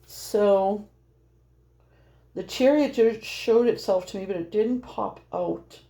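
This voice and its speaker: A woman talks through a tarot reading in a loose, rambling way, laughing as she goes. Her voice is mellow and warm, at a middle pitch. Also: slow pace. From Norwegian heritage. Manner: chatty and rambling, laughing often. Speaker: tarot reader. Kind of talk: casual spoken tarot reading.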